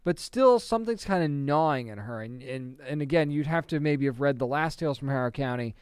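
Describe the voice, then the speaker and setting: A man's voice: mid-range voice, lively intonation, fairly quick, clean tone, dry recording, clean studio sound. A man chatting casually and enthusiastically as he reviews comic books, often restarting his sentences and laughing a little.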